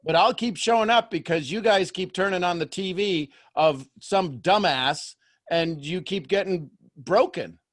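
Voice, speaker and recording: A man coaching someone on a call, pressing with quick rhetorical questions. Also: high-pitched.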